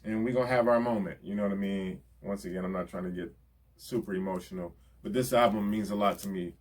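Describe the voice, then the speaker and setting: This rapper's shout-outs come fast in a fairly low voice. He speaks casually and sincerely, thanking the people in his life and saying "you know what I'm saying" again and again in heartfelt conversation.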